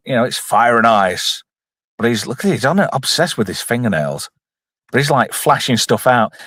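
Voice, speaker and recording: A man riffing on a film for a live chat audience, jokey and loose. His pitch swings widely as he talks, and the sound is dry and close to the mic. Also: no room sound. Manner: jokey, reads out chat, puts on silly voices. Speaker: streamer reviewing a film. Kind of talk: casual live commentary.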